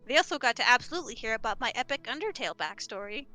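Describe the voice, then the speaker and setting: A woman's voice: fairly high pitch, expressive, racing, pushed and bright, faint music behind. A woman with a nasal voice, chatting and joking casually while co-hosting a game stream. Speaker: streamer, co-host. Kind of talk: casual gaming chat.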